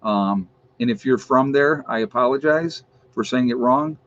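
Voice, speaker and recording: A man's voice: mid-range voice, moderate pace, a bit bright, muffled recording. A man from New York State hosting his own channel's livestream, chatting casually and with amusement as he reads out viewers' locations and teases trolls. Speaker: YouTube channel host.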